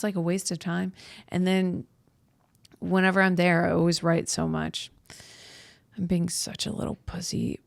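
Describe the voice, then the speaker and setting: A woman's voice: lowish voice, gravelly, dry recording, studio quality. A woman hosting her own podcast, talking through a crude, irreverent, self-mocking comedic monologue. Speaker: podcast host.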